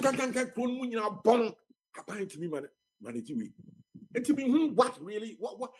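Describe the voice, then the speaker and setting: A man's voice: on the high side, darkish tone, husky, low-quality recording. A man speaking passionately as a guest on a radio talk show. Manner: impassioned, mixing Twi and English.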